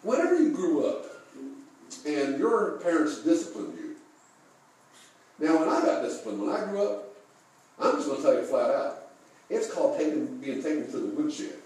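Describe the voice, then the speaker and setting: Guy pastor preaching, kinda high voice, laughs along w his own stories, big echo, mic far away. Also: big pitch swings, normal speed, pauses often, a little mellow. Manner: folksy storytelling with chuckles and rhetorical questions. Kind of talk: sermon. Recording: echoey room, mic far off.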